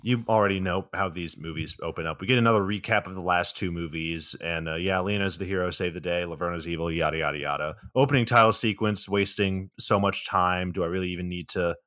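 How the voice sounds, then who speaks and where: A man's voice: low voice, fast, hardly any pauses, bright, forceful tone. A man co-hosting a podcast, giving a sarcastic, swearing recap of a movie in casual chat. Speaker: podcast co-host.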